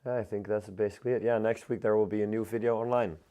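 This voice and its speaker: A Dutch man, a hoarse and unwell floristry teacher, chatting casually while hosting a live arranging demonstration. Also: fairly low pitch, fast talker, slight background noise. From Netherlands. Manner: relaxed, chatty, many fillers.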